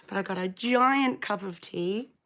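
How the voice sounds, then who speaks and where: Croaky, chatty middle-aged woman. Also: mid-range voice, measured pace, a bit bright. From England. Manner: chatty, rambling, greets viewers by name. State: hoarse, croaky after illness. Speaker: knitting channel host. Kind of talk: casual live-stream chat.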